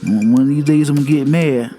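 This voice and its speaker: A man's voice: fairly high pitch, quick pace, warm tone, soft background music, lightly acted. A man doing an indignant male coworker. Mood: scolding. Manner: indignant, scolding. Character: agitated adult male coworker.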